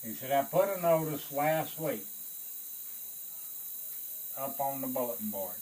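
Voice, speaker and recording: A man, a Vietnam veteran, telling a war story in an animated way, swearing and acting out the voices of others. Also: medium pitch, a little slow, low-quality recording. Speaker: Vietnam veteran recounting service.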